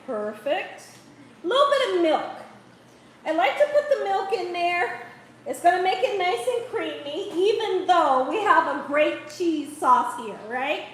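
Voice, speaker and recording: A middle-aged woman hosting a casual live cooking show from her home kitchen, chatty and playful, often laughing as she talks. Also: very high voice. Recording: very echoey room with faint background hiss.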